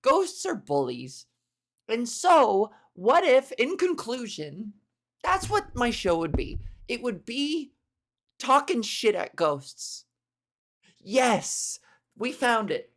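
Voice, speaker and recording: A woman podcast host doing a comedic monologue, crude and animated, acting out little scenes. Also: fairly high pitch, slow. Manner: animated, crude, acts out voices.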